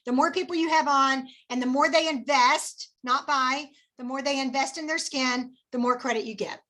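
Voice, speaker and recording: A woman with a high, bright voice runs a lively sales training session. She coaches with energy and calls on her listeners by name. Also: normal speed, few pauses. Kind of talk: live training session with scripted role-play.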